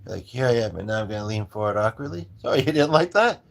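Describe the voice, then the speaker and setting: A man's voice: on the low side, expressive, quick pace, gravelly. A man hosting a casual chat stream, rambling and hesitant, with frequent chuckles and filler ums. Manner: hesitant, many ums and restarts, chuckles often. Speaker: host of a music and chat stream.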